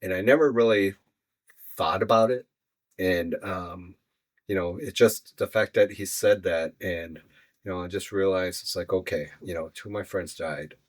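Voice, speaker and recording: A man, a podcast guest, telling his personal story in an earnest, halting way, often pausing on "you know". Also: deep voice.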